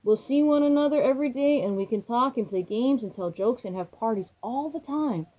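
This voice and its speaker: A woman's voice: fairly high pitch, animated, fairly quick, dull audio, voice pushed up. Woman doing a bubbly young boy train. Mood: excited. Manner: pleading, bubbly. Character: eager young boy train, always overexcited.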